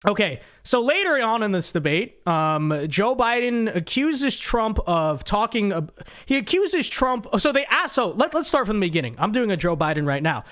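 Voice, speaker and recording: High-voiced young man ranting to viewers. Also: big pitch swings, moderate pace, a bit bright. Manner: rambling, emphatic, talks straight to viewers. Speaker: political commentary host. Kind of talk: casual live reaction commentary.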